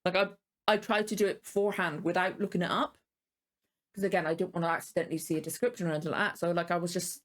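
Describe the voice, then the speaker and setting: A woman's voice: on the low side, fairly even intonation, fast. Rambling, apologetic woman reacting. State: tired and yawning. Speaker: reaction video host. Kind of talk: casual reaction commentary.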